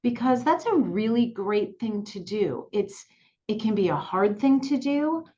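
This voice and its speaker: Woman educator talking to camera, calm and clear, repeats stuff, kinda lo-fi sound. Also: fairly high pitch, a little slow. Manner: calm, clear and reassuring, repeats key points. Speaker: sexuality educator. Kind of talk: direct-to-camera lesson. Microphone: looking into camera, on-camera mic.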